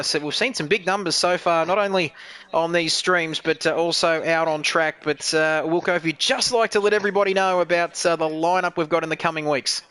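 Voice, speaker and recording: A male sim racing commentator wrapping up a live stream in a bright, high voice. He talks in an upbeat, chatty way, full of thanks and friendly sign-offs. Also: smooth. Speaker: race commentator.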